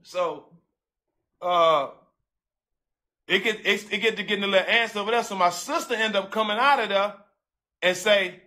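A man with a high, pushed and bright voice tells a personal story in casual, profane street slang, addressing his listeners directly. As his emotion builds, he repeats himself and breaks into halting repeats.

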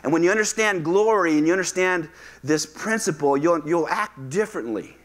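A male pastor preaching a lively sermon, acting out voices and calling on the congregation to respond. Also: fairly high pitch, moderate pace. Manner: animated, acts out quoted voices, asks the congregation to respond. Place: church sanctuary.

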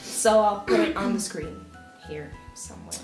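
A woman's voice: mid-range voice, moderate pace, darkish tone. A woman co-hosting a casual vlog, chatting in a loose, self-deprecating way with filler ums. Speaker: vlogger co-host. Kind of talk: casual chat. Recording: roomy echo with faint music.

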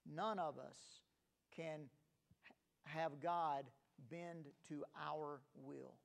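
A man delivers a sermon in an earnest pastor's voice, pitched a little high with a gravelly edge. He rises in pitch and volume when telling a story and drops lower and softer for the serious points. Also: fairly even intonation, very slow.

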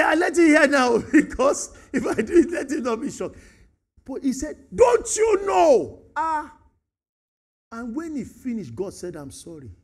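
Animated Nigerian pastor, high lively voice. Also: male voice. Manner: animated, acts out dialogues, mixes in Pidgin and Yoruba. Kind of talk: sermon.

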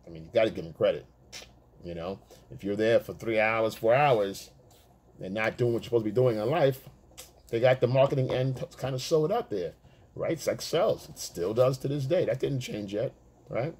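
A man's voice: mid-range voice, normal speed, a little mellow, husky. A man talking as a dating coach to other men, blunt and streetwise, swearing freely and acting out chat messages. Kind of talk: casual monologue to male viewers.

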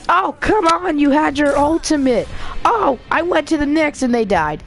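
Excitable woman chatting while gaming. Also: sits high, moderate pace, soft background music. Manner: excitable, squeals and laughs, talks to the screen. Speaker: gamer. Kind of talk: casual gameplay commentary.

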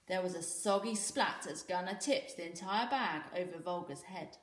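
A British woman teacher reading a children's story aloud in an expressive, lively way. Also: fairly low pitch, normal speed, hardly any pauses, roomy sound. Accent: British English. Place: school room.

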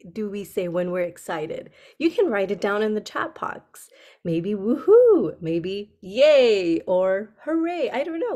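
A woman telling a story to children on a video call, speaking gently and asking them questions. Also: mid-range voice. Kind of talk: interactive story session for kids.

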